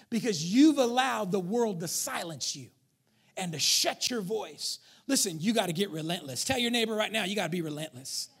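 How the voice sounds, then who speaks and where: A male pastor preaches a sermon in church, emphatic and joking with the congregation, swinging between shouting and near-whisper. His voice sits high and sounds gravelly and husky, animated at a moderate pace.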